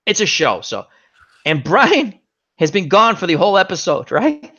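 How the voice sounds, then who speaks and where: Lively high-voiced man hosting a chat. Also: moderate pace, lo-fi sound. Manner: animated joking storyteller. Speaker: chat show host. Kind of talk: casual chat.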